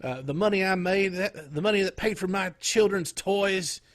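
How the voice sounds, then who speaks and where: A man's voice: sits high, normal speed, pitched above the performer's own voice, natural voice. A man putting on a mocking North Carolina drawl to imitate an aggrieved grown man wrestler. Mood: whiny indignant. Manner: mocking, exaggerated delivery.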